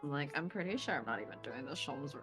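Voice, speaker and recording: A woman's voice: low voice, expressive, brisk, music in the background. A woman co-hosting a game let's play, joking and laughing often in casual chat. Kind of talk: casual chat while playing a visual novel.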